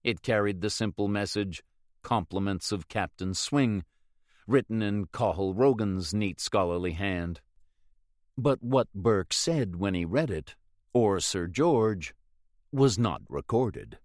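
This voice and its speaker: A man reading a novel aloud in measured, even scripted narration. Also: fairly low pitch, no room sound, studio quality. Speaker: audiobook narrator.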